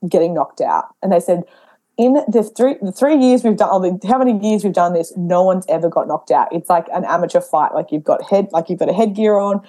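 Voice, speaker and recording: A young pregnant woman talks quickly as a podcast guest. Her voice is mellow and warm. She tells stories in a lively way and acts out her own past dialogue. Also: fairly low pitch. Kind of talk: casual interview chat.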